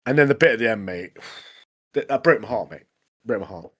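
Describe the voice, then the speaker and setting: A man co-hosting a casual anime podcast, retelling scenes in an animated, chatty way. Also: lowish voice, brisk. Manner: chatty, says "mate" constantly, animated retelling. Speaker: podcast co-host. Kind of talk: casual anime review chat.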